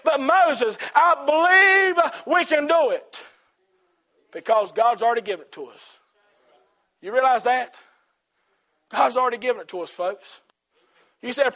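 A man preaching a sermon as pastor in a church, in rhythmic repeated phrases that rise to shouts. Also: very high voice.

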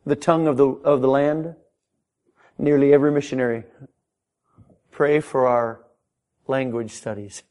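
A middle-aged man preaching a sermon in a church. His delivery is impassioned, with frequent stammered restarts, and his pitch climbs when he gets stirred up. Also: steady tone, a little slow, pauses often, a little mellow. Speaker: pastor. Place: church sanctuary.

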